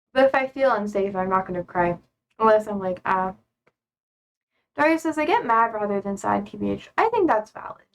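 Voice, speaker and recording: A woman's voice: mid-range voice, very animated, brisk, vocal fry. A woman live-streaming from home, chatting casually and rambling with lots of fillers as she reads viewer comments aloud into a desk mic.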